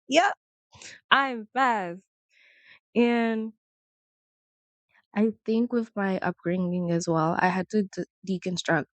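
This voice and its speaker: A woman's voice: medium pitch, dry recording. A young woman chatting casually to her channel, rambling and laughing as she goes. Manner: chatty, rambling, laughs often, quotes people in voices. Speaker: vlogger. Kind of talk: casual chat to camera.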